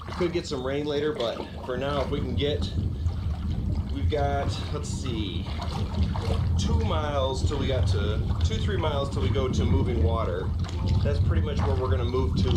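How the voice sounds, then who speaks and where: A man casually narrating his fishing trip from a boat on a lake, chatty and thinking aloud as he goes. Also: mid-range voice. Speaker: fishing vlogger. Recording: distant, roomy, heavy outdoor noise.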